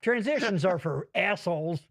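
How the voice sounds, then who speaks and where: A high, lively man's voice hosting a casual comedy podcast from a basement. He rambles through gripes and chat comments and swears freely. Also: normal speed. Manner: profane, animated, rambling, reads chat comments aloud. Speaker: podcast host. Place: home basement.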